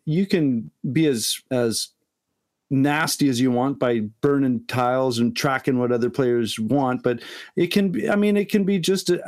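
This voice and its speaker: A man's voice: mid-range voice, a little mellow. Playful man chatting with many fillers. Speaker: board game podcast co-host. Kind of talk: casual chat.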